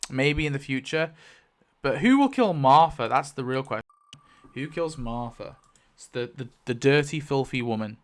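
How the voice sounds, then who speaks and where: A man giving casual, animated commentary as he rewrites a story, thinking aloud, swearing and exclaiming in mock outrage. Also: mid-range voice, normal speed. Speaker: YouTube creator.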